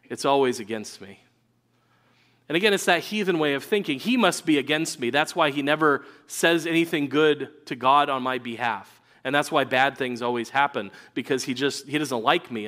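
Male preacher, mid-pitched, conversational sermon delivery with acted-out quotes. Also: fairly bright tone.

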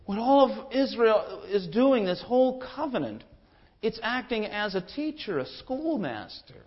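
A man delivers a sermon in a high, animated voice. He climbs into forceful rhetorical questions and then drops low to land his point. The recording sounds somewhat muffled and lo-fi. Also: unhurried. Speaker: pastor.

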